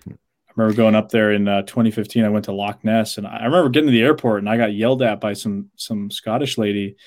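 A man from New England co-hosting a casual chat, telling stories with quick asides and laughing at himself. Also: lowish voice, steady tone, a little mellow.

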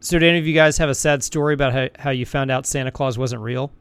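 A man interviewing a band, asking direct, measured questions. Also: mid-range voice, steady tone, a bit bright, smooth, dry recording.

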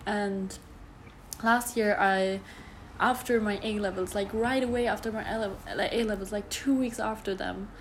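A woman's voice: medium pitch, fairly even intonation, normal speed, a little hiss or hum. A young German woman in her early twenties, a podcast host rambling casually in English with a German accent, full of fillers and self-corrections. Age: around 20. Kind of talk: casual solo podcast monologue.

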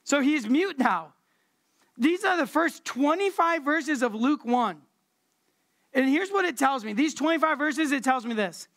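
This woman preacher talks a little slowly in a high voice, keeping her sermon casual, slangy and conversational. She repeats words for emphasis.

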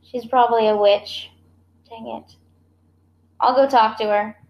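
A woman playing a tabletop game, answering with quick reactions. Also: on the high side, fairly even intonation, a little mellow. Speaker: player. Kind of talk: casual tabletop game play. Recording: echoey room.

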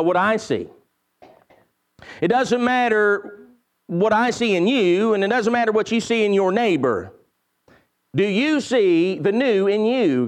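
A pastor delivers a sermon in a strikingly high voice for a man. He hammers key phrases again and again, leaping up in emphasis and then sinking low and soft. His delivery is fervent and insistent. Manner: emphatic preaching with heavy repetition and sudden rises and drops in pitch.

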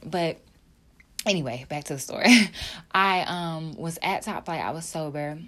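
A young woman speaks to her viewers about faith in a low-pitched, emotional voice. Her talk is heartfelt and casual, full of fillers and repeated phrases. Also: unhurried, fairly bright tone. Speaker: video creator.

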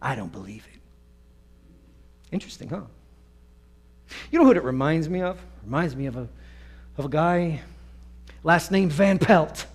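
A man's voice: on the high side, moderate pace, pauses often. A man preaching a story-driven sermon, acting out the voices of the people in his anecdotes. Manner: animated, acts out quoted voices.

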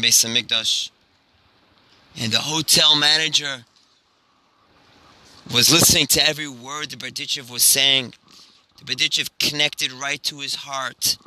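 A rabbi telling an inspirational story in an animated way, with a lot of repetition. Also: male voice, medium pitch, rough recording.

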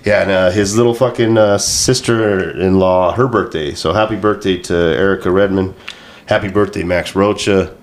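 A lower-pitched man hosts a crude sports podcast, loud and animated, with cursing in almost every sentence. Faint background hiss sits under his voice. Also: moderate pace. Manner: loud, animated storyteller who swears constantly. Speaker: podcast host. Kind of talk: profane casual sports banter.

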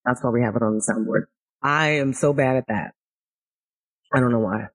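Husky, playful woman podcast host. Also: very deep voice, fairly quick. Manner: playful, laughing, self-mocking. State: stuffy from a cold. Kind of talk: casual chat.

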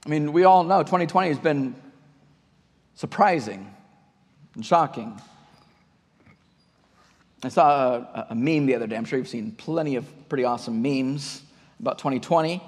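A man's voice: mid-range voice, normal speed, pauses often. A male pastor preaching a conversational sermon to his church, often restarting and repeating words. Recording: long hall reverb.

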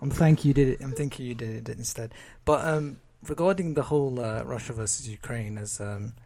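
Dark, mellow tone from a young man, co-hosting a relaxed podcast chat. He talks in an animated, jokey way and often laughs between remarks. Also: mid-range voice, a little fast. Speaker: podcast co-host. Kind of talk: casual chat.

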